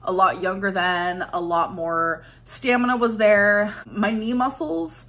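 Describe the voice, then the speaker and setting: A woman vlogger speaks in a rambling, confessional way and keeps filling her sentences with "like". Her voice sits at a middle pitch, and her tone stays reflective. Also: fairly even intonation, measured pace, fairly bright tone. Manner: rambling, reflective, heavy use of "like". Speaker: vlogger in a played clip. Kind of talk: casual confessional vlog talk.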